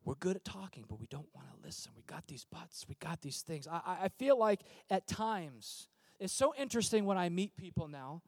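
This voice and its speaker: A male pastor delivers a lively, conversational sermon, his voice sitting high and swinging widely up and down as he acts out quick asides. The sound is close and dry, with almost no room around it. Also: dry recording.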